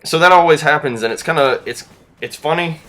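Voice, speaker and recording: A man's voice: a little high, brisk, pushed and bright. A man in his twenties with a Southern US accent, rambling through a casual story to camera. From Southern United States. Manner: rambling, easygoing, self-deprecating. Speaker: YouTuber.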